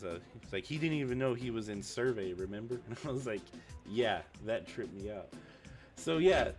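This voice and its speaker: A young man vents in a loose, profane, storytelling ramble. His voice sits at a middle pitch and jumps up whenever he mimics someone else. Faint music plays softly underneath. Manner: ranting, profane, quotes people with raised pitch. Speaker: streamer. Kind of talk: casual venting story.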